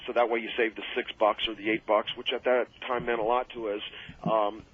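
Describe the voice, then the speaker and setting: Man, radio guest, rambling animated storyteller, quick talker, muffled old broadcast sound. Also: lowish voice, breathy edge. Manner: animated, rambling storyteller who laughs at his own tales. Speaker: guest wrestler telling road stories. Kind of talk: casual radio interview storytelling.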